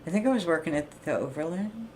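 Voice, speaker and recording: Low-voiced middle-aged woman venting bluntly. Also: expressive, fast, a little mellow, slight background noise. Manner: blunt, profane, rambling rant. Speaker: livestreamer. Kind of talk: casual venting monologue.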